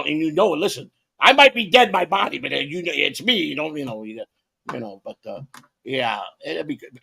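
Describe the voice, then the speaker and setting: A man's voice: fairly high pitch, creaky, fairly bright tone, husky. A man in his fifties, a podcast co-host, telling rambling, profane stories in casual chat with lots of restarts.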